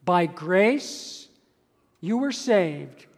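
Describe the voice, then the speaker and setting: An older man from Canada preaching a sermon, with measured delivery and slow emphatic stresses on key words. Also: high voice, big pitch swings. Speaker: pastor. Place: church sanctuary. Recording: church hall with long reverb.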